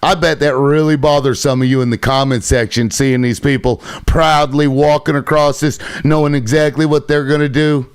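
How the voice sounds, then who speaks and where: Guy ranting on a live stream, cussing a lot, sarcastic, kinda higher voice. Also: fairly even intonation, moderate pace, few pauses, smooth. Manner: sarcastic, heavy swearing; irritated. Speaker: livestream host. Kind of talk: profane livestream rant.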